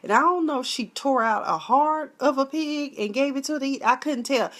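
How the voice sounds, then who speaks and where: Woman, vlogger, sassy, slangy, animated recap, casual. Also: high voice, brisk. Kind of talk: casual episode review.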